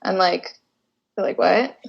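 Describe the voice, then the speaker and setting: A young woman from Boston speaks as a student panelist, loose and chatty with lots of filler words. Her voice has a gravelly fry. The call audio is dull and lo-fi. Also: medium pitch, moderate pace. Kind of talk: casual panel discussion.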